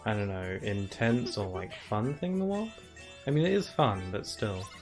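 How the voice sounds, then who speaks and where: A man's voice: on the low side, big pitch swings, normal speed. Chatty man streaming a video game. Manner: chatty and rambling, laughs often, many "like" fillers. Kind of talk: casual let's-play commentary. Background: faint game music.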